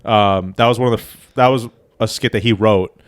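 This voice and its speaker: A man's voice: on the low side, fairly even intonation, normal speed, clean tone. A young man from Long Island, co-hosting a podcast in a rambling, laughing way full of fillers. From Long Island, New York. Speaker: podcast co-host. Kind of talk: casual chat.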